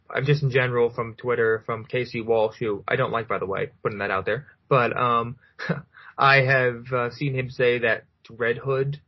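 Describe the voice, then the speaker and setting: A man co-hosting a casual podcast, enthusiastic and fan-minded, hedging often with ums and "I mean". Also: mid-range voice. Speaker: podcast co-host. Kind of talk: casual chat. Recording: dull lo-fi sound.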